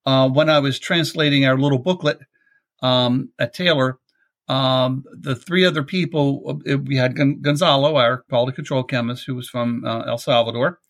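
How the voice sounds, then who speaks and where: Middle-aged host with a Baltimore accent, mid-pitched, easygoing, rambling storyteller. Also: male voice, fairly even intonation, normal speed, a bit bright. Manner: chatty, rambling, self-amused storyteller. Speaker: podcast host. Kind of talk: casual chat.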